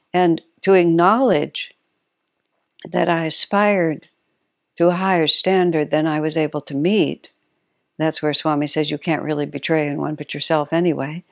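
A woman giving a reflective spiritual talk. She speaks thoughtfully, stopping to find the right words and correcting herself as she goes. Her voice is low for a woman and sounds dry and close. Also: dry recording.

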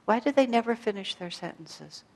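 In a large hall, a spiritual teacher gives an evening talk to a gathered group, her voice a little high, animated and creaky with a darkish tone at a moderate pace. She tells reflective stories about herself and laughs lightly at her own mistakes.

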